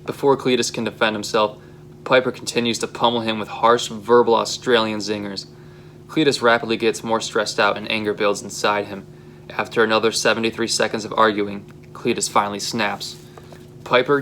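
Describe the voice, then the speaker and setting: A man's voice: fairly low pitch, a bit bright. A young man casually reading aloud his own short story script, with a few fillers. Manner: plain, casual read with occasional fillers.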